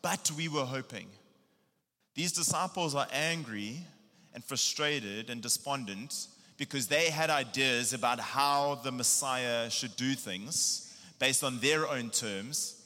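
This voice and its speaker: A man preaching a casual sermon, retelling a Bible story in a lively, animated way with slang. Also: mid-range voice, slow pace, long reverb tail. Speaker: pastor.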